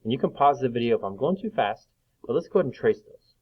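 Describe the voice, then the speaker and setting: A man's voice: medium pitch, lively intonation, fast, slightly rough, lo-fi sound. A man teaching a recorded reading lesson to young children, patient and sing-song as he claps out syllables.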